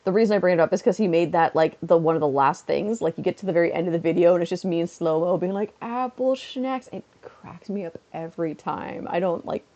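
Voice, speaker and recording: A woman's voice: on the low side, steady tone, fast talker, dark tone, highs cut off. A woman chatting casually on a home stream, giggling at her own jokes. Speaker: live streamer and teacher.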